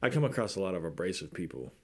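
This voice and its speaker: A man's voice: deep voice, very animated, very fast, a little mellow. A man co-hosting a podcast, talking bluntly and with a lot of swearing. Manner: blunt and profane. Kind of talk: casual chat.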